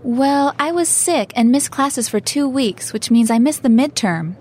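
A woman's voice: high-pitched, lively intonation, measured pace, a little mellow. A woman voicing a polite young university student in a scripted dialogue for a language lesson. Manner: polite, earnest.

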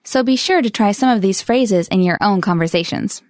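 A woman's voice: mid-range voice, normal speed, a little mellow, no room sound, studio quality. A woman co-hosting a scripted English lesson, explaining phrases in a friendly, upbeat way. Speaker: English teacher.

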